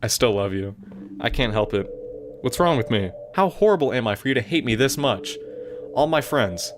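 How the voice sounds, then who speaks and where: A man reading aloud the lines of a sweet, possessive young female club president, gentle and self-conscious, later pleading. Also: mid-range voice, expressive, normal speed, a little hiss or hum, natural voice. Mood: remorseful. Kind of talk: reading game dialogue aloud.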